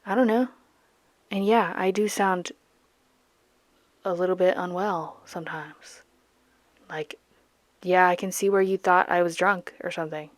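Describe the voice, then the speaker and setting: A woman's voice: fairly low pitch, fairly even intonation, a little slow, pauses often, no echo. A young woman from Georgia with a light Southern accent, chatting playfully in a voiceover while painting, sometimes dropping into a whisper. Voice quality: playful, goofy, self-mocking. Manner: drops to whispers at times. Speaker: art channel host.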